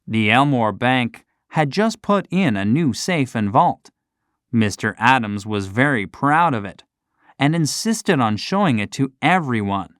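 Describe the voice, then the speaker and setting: A man narrating a classic short story for children in a slow, expressive scripted reading. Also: medium pitch, dry recording, studio quality.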